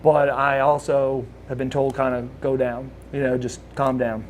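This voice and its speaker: A man from Oklahoma telling a casual story as a guest, animated and acting out what others said. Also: medium pitch, moderate pace, a little hiss or hum. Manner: animated storyteller who acts out the voices of others. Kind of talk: casual anecdote.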